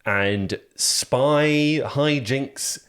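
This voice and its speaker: A man's voice: mid-range voice, drawn-out words, fairly bright tone. A man hosting a podcast, rambling casually with lots of fillers and restarts. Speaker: podcast host. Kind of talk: casual chat.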